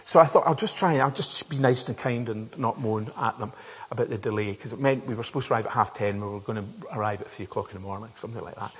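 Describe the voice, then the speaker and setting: A man's voice: lowish voice, quick pace, breathy edge. A man preaching a sermon, telling a personal story in a chatty, self-mocking way with many fillers and restarts. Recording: echoey hall with long reverb.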